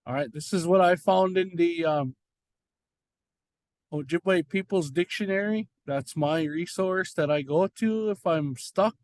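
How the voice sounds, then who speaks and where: A man teaching an informal language lesson, slowly repeating and sounding out words, with frequent fillers. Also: on the high side, no room sound. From Red Lake.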